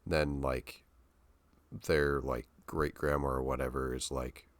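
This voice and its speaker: A man's voice: a bass voice, level tone, slow pace, no echo. A young man co-hosting a podcast, telling a story in a loose, rambling way full of fillers and slang. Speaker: podcast co-host. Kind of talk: casual podcast chat.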